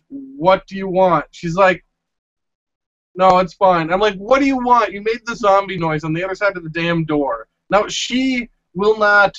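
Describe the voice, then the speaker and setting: A man co-hosting a podcast, telling animated, exasperated stories and acting out quotes in casual chat. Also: a little high, no echo. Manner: animated, exasperated storyteller who acts out quotes. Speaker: podcast co-host. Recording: muffled lo-fi podcast audio.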